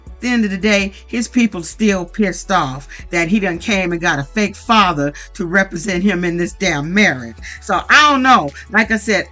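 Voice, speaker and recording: A reality TV recap commentator giving a blunt, profane, animated monologue that acts out quoted lines. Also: medium pitch.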